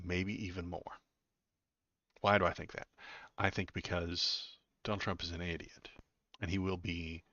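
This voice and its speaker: A man with a very deep voice gives live political commentary, sardonic and halting, full of fillers and repeated words. The sound is dry and close with no room. His mic is a little dull and lo-fi. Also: bright, forceful tone, dry recording. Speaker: political streamer.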